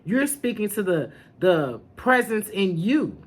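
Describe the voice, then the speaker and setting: A woman talks slowly and deliberately, drawing out her words as she hosts a spiritual podcast. Her tone is sassy and familiar, and she calls her listeners honey and baby in a casual chat to camera. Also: mid-range voice, very animated. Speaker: podcast host, spiritual teacher.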